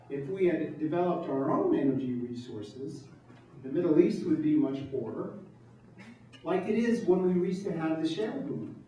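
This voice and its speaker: A man's voice: a little high, mellow. A man giving a campaign speech to an audience, emphatic and fond of rhetorical questions. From New York. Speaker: political candidate. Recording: distant mic, echoey room, dull sound.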